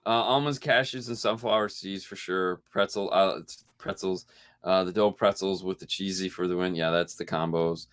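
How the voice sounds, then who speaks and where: A man co-hosting a casual podcast chat, telling animated stories, acting out quotes and laughing often. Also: sits low, normal speed, clean tone. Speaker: podcast co-host.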